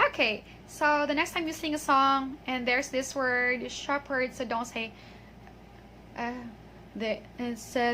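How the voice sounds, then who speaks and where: A woman's voice: high voice, a little slow, bright, forceful tone, slight background noise. A woman teaching English pronunciation online, patiently stretching out model words and checking in with "okay".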